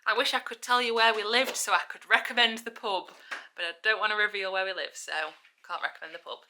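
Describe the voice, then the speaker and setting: Young woman vlogging into a handheld camera, bright upbeat chatter, light background hiss. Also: mid-range voice, steady tone, fast talker, rough recording. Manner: chatty and upbeat, breathless at times. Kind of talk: casual vlog chat.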